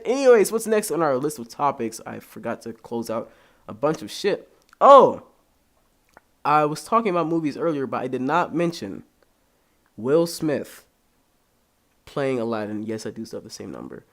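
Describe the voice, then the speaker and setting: A man's voice: mid-range voice, normal speed, creaky, long pauses. A young man hosting a podcast in casual chat, rambling and swearing freely. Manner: animated, profane, rambling. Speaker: podcast host.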